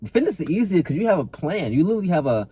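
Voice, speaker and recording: A man's voice: high-pitched, very animated, racing, dark tone, a little hiss or hum. A man, a fitness coach, giving a blunt, profane, repetitive motivational talk to camera and calling the listener bro.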